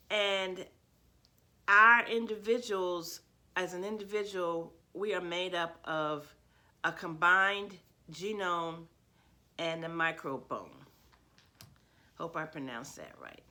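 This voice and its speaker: A middle-aged woman talks through her subject in a loose, conversational way, full of "um"s and little laughs. Her voice sits low but comes across bright and forceful, like an educator sharing what she knows. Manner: conversational, chatty with small laughs and fillers. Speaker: educator giving a talk. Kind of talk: casual spoken presentation.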